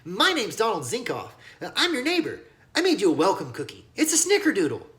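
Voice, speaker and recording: A man putting on an eager high young boy. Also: huge pitch swings, a little fast, heavily acted. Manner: high bright childlike sincerity.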